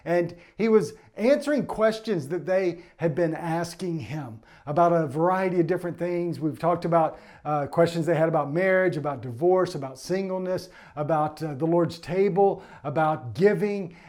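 A man preaching as pastor, moving from an earnest prayer into an energetic sermon teaching. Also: high-pitched.

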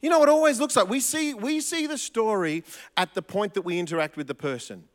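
A man preaching a sermon as pastor, animated, with frequent restarts and emphatic repetition. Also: sits high, fairly quick, big-room sound.

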